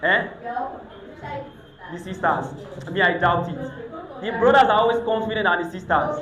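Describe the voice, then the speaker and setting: A Nigerian man hosting an event on a handheld mic, teasing the crowd in lively banter that mixes pidgin and Yoruba. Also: high voice, normal speed, pauses often. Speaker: event host, master of ceremonies. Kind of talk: lively emcee banter with audience. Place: event hall. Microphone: handheld microphone. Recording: echoey event hall.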